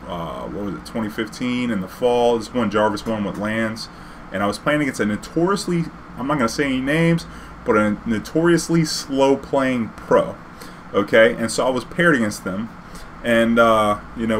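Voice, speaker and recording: A man telling a story casually, profane and animated, acting out a heated argument. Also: lowish voice, slight background noise.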